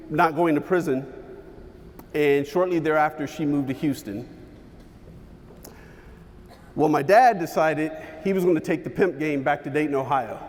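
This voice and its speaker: A man giving a motivational keynote, telling a personal story with dramatic pauses and shifts in pace. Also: fairly high pitch, long reverb tail. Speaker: keynote speaker. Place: large hall with an audience.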